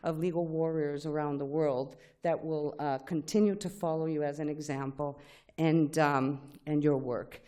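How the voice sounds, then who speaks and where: Animated woman, native Spanish speaker. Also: low voice, moderate pace. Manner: animated storytelling with acted-out quotes. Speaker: speaker at a tribute event. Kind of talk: personal tribute speech.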